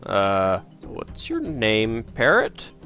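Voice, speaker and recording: A man casually commenting while playing a game, musing and hesitant with many pauses. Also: fairly low pitch, huge pitch swings, bright, forceful tone, faint music behind. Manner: musing, hesitant, lots of uhs. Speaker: let's player.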